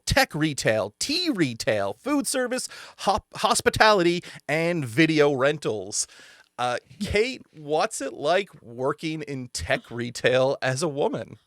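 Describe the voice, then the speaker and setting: A man co-hosts a podcast and introduces the guest in a playful way. His pitch swings a lot as he talks. The studio sound is close and dry. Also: dry recording. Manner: playful, lively intonation, quick asides. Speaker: podcast co-host. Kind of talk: casual podcast chat.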